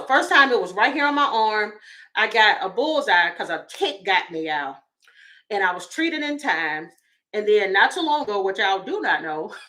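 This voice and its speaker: A woman's voice: medium pitch, fairly bright tone. A woman, giving goofy, chatty celebrity gossip commentary as a tarot reader and calling her viewers y'all.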